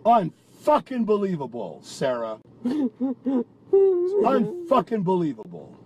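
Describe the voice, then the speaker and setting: High-voiced man ranting in anger. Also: huge pitch swings, slow, dull audio, slight background noise. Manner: angry, profane, ranting and accusing. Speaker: partner in a private argument. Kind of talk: heated private argument.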